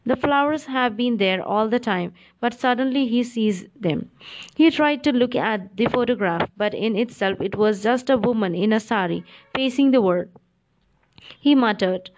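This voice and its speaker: A woman narrating a literary novel aloud in a calm, expressive audiobook reading. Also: on the high side, moderate pace, poor audio.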